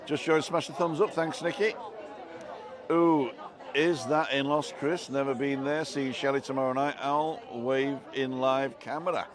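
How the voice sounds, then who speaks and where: A man chats casually on a live stream, his voice at an ordinary middle pitch. He reads out viewer comments as he goes. Crowd chatter from a busy outdoor bar carries clearly behind him. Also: fairly even intonation, unhurried.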